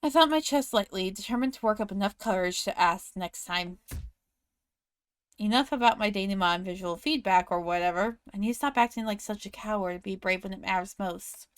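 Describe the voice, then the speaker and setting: A woman streamer reading a game's narration aloud in a lively manner. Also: medium pitch, brisk, smooth, no echo. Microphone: studio microphone.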